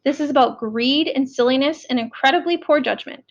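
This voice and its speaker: A hot-tempered male prison warden, put on by a woman narrator, scolds a group of children. His voice is booming and lecturing, a little gravelly, and the audiobook recording sounds dull and lo-fi. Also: brisk. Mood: stern.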